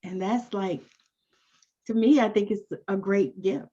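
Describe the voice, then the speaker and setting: A woman's voice: medium pitch, unhurried, mellow, husky. A woman hosting an interview, reacting with exclamatory, affirming responses and asking follow-up questions. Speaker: podcast host. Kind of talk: casual interview. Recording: dull lo-fi sound.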